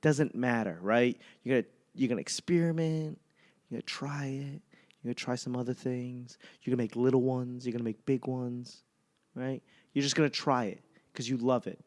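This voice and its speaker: A man's voice: medium pitch, fairly even intonation, normal speed, a little mellow. A man in his thirties with a Boston accent, hosting a podcast in a rambling, profane comic monologue. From Boston area. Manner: rambling and profane, with self-mocking asides. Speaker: podcast host and stand-up comedian. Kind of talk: casual comedic monologue.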